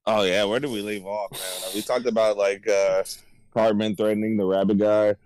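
A man co-hosting a podcast in casual chat, retelling scenes in a rambling, excited way with lots of fillers. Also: lowish voice, normal speed, low-quality recording. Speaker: podcast co-host.

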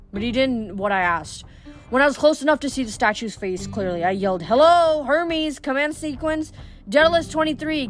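A woman reads a first-person adventure novel aloud with lively, animated storytelling. Her voice sits a little on the high side. Faint background music plays under the narration. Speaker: audiobook reader.

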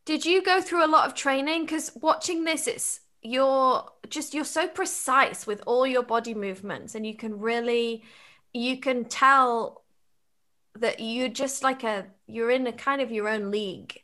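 A woman hosting an interview, asking questions with gushing, excitable enthusiasm. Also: high voice, measured pace. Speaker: interviewer, podcast host and cast member. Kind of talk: casual interview chat.

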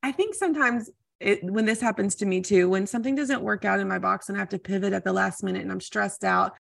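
A woman's voice: medium pitch, fast talker, vocal fry, fairly bright tone, no echo, studio quality. A woman hosting a podcast interview, chatting enthusiastically in long, run-on thoughts. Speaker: podcast host. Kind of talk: casual interview chat.

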